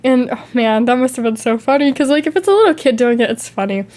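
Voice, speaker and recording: A young adult woman streamer, sick with a lingering cough, telling stories in an animated, chatty way. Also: high voice, fast. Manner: animated, chatty storytelling with acted-out quotes. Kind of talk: casual chat.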